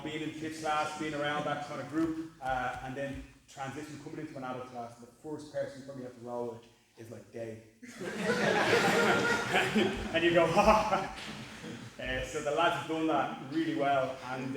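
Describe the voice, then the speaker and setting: A man's voice: mid-range voice, fairly bright tone, slight background noise. A man in his forties, a jiu-jitsu coach giving a casual, joking, rambling speech at a belt ceremony, full of fillers. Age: 40s. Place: martial arts gym, large room. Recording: echoey gym from far off.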